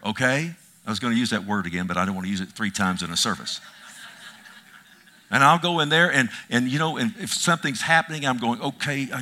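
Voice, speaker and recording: A man delivering a sermon as pastor, his voice bright and forceful at a middling pitch. He repeats his lines for emphasis and calls out amen to the congregation. He swings between ringing declarations and near-whispered asides. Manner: emphatic, swinging from loud proclamations to hushed asides.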